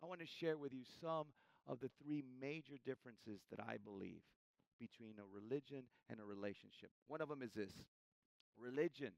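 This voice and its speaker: A man, preaching a sermon and calling his listeners "church", swinging between loud emphasis and hushed, soft lines. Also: mid-range voice, normal speed, gravelly, no room sound, low-quality recording. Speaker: pastor.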